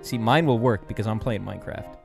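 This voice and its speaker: A young man casually streaming a building game, rambling, cracking self-mocking jokes to his chat and counting out loud under his breath. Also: on the low side, brisk, creaky, faint music behind. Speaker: gaming streamer. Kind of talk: casual live-stream commentary while building.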